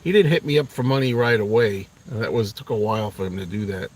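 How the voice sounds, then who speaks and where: A man's voice: fairly low pitch, brisk. A man in a car talking casually and rambling to his viewers, half to himself. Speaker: vlogger. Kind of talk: casual chat. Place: inside a car.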